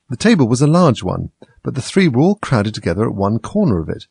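Gravelly, husky man reading a storybook. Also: medium pitch, very animated, brisk, darkish tone, no room sound. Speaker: narrator.

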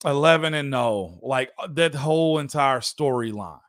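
A man's voice: medium pitch, lively intonation, normal speed, no echo, studio quality. A man hosting a casual sports talk show, loose and chatty, laughing often. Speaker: former NFL guard and show host.

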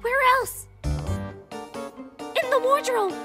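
A woman voicing a chatty, excitable little boy puppet who hosts a children's show and talks straight to the viewer. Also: extremely high pitch, slow pace, music in the background, exaggerated voice. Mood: nervous. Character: playful little boy puppet, pre-school vlogger.

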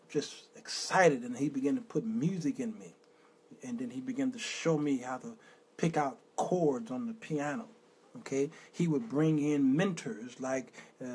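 A man's voice: medium pitch, darkish tone, slight background noise. A middle-aged man from Chicago's west side, hosting a show and telling an emotional personal testimony, now and then breaking into a few sung words. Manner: emotional storytelling with sung snippets. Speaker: host.

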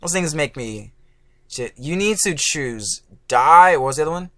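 A man doing let's play commentary as a gaming YouTuber, excitable and swearing, yelling at the game and groaning when he fails. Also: a little high, moderate pace, no echo, clean studio sound. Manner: groaning frustration at failures.

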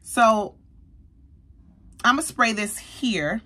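A woman beauty vlogger, likely in her thirties, reviewing a perfume in an animated, chatty way and talking straight to her viewers. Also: a little high, drawn-out words. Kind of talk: casual product review.

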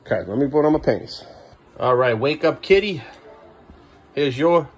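A man's voice: mid-range voice, lively intonation, fairly quick, slightly rough, faint music behind. A man in his thirties at home filming a casual family vlog, coaxing his small children playfully and muttering asides. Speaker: father filming his kids.

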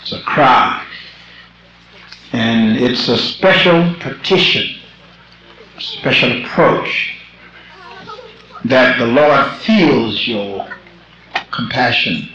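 An older man preaching a sermon as a bishop, slow and rhythmic, repeating phrases and breaking into shouts. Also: medium pitch, a little hiss or hum. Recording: lo-fi old tape in an echoey church.

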